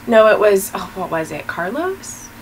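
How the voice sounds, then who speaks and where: A woman co-hosting a casual TV episode review, chatty and giggly, with animated retellings of scenes. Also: mid-range voice, unhurried, a little hiss or hum, rough recording. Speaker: podcast co-host.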